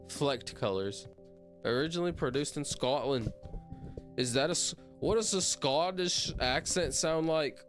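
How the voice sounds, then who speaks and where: In a clear, resonant, mid-range voice, a man counts aloud on a casual livestream, rambling, drifting off topic, and talking to himself.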